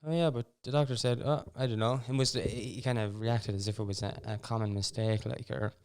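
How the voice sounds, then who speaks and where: A young Irish man with a lowish, smooth and resonant voice chats casually as a podcast host. He rambles through his stories, keeps breaking off to restart, and drops in wry little asides. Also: fairly even intonation, brisk, a little mellow. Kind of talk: casual storytelling chat.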